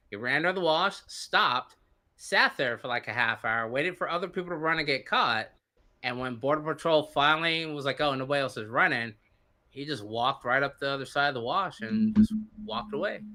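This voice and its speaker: A man telling a long story on a podcast in a casual, animated way, laughing and acting out the people he quotes. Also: fairly high pitch. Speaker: podcast guest.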